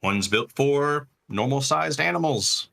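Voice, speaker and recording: Slow, halting male game master. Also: medium pitch, lively intonation, vocal fry, fairly bright tone. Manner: halting, filler-heavy narration. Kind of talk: narrating a tabletop game.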